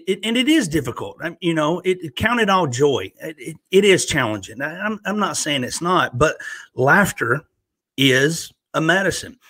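Bright-voiced Southern man preaching. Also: mid-range voice, no room sound. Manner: earnest preaching with self-mocking jokes. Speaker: podcast guest, minister. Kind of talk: casual faith podcast chat.

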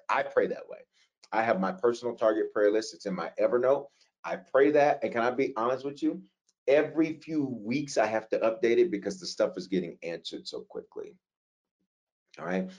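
Pastor guy answering prayer questions, lowish voice, chatty and lively, throws out rhetorical questions. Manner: conversational, animated preaching with rhetorical questions.

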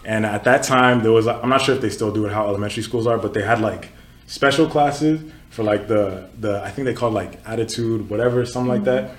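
Speaking fairly quickly in a lowish voice, a Nigerian-born man in his twenties hosts a relaxed podcast conversation. He tells stories loaded with filler words, and the room sounds echoey.

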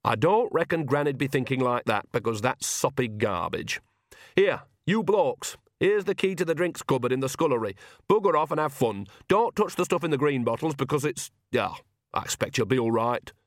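A man's voice: mid-range voice, lively intonation, moderate pace, no echo, clean studio sound, voice pushed up, close to an everyday voice. A man voicing an earthy, shameless old witch woman who talks in a blunt, bawdy, down-to-earth way, in an audiobook reading.

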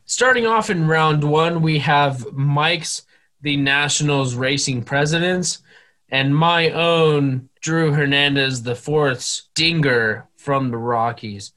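A man's voice: a little high, takes it slowly, pushed and bright. Swearing, joking young man on a podcast. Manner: jokey, swears freely, leads the segments. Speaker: podcast co-host. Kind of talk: casual chat.

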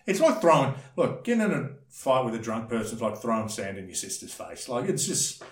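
An Australian man tells stories in a loose, rambling way, blunt and heavy on slang. His voice sits in an ordinary middle pitch. The room around him gives the sound a clear echo. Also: very animated, brisk. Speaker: podcast guest, former bouncer. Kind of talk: casual storytelling chat. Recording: roomy echo.

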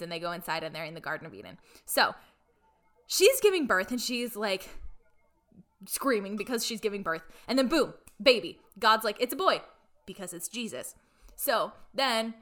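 Chatty woman w a bright crisp voice, says like a lot, cheeky little asides. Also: mid-range voice. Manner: chatty, full of "like" fillers; playfully irreverent asides. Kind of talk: casual chat retelling a film plot.

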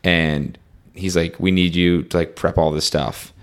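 He speaks in a smooth, low voice at an unhurried, steady pace. The young man is telling a long travel story in casual conversation, rambling, dropping plenty of "like" and "um," and acting out his friends' lines and his own.

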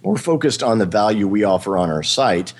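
Male podcast host, deep voice, loose rambling talk. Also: expressive, a little fast, slightly rough. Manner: rambling, hesitant, frequent fillers and laughs. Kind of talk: casual chat.

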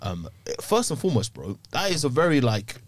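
A man's voice: medium pitch, sing-song. A man hosting a casual podcast chat, laid-back, often humming along and laughing briefly between points. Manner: laid-back, fills with hums and quick laughs. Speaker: podcast host.

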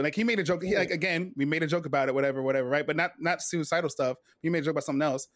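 A man in his forties, a retired Navy veteran, telling a personal story in a casual interview, animated and full of fillers and restarts. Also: a little high, very fast, hardly any pauses, no room sound, clean studio sound.

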